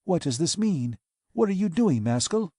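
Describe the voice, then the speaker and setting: A man reading an audiobook, voicing a composed, courteous woman who speaks in a calm, dignified and measured way. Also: on the high side, no room sound, clean studio sound, pitched above the performer's own voice. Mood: alarmed.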